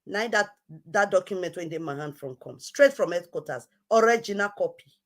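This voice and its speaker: A woman's voice: lowish voice, expressive, brisk. A woman hosting an online show, scolding someone in a heated, repetitive rant. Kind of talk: heated live-stream rant.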